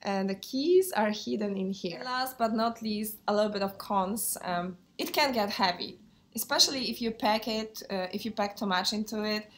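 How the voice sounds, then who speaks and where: A woman speaking English in a casual handbag review vlog. She has a cold, so her voice sounds under the weather. She talks in a hesitant, friendly way, and her sentences are dotted with pauses and fillers. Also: mid-range voice. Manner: hesitant, many fillers, non-native phrasing. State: sick, voice affected. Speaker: handbag vlogger.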